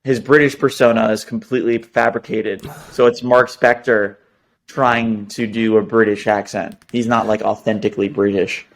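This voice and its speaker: A man's voice: lowish voice, flat delivery, normal speed. A man co-hosting a casual review chat, thoughtful with a dry wit. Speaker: co-host.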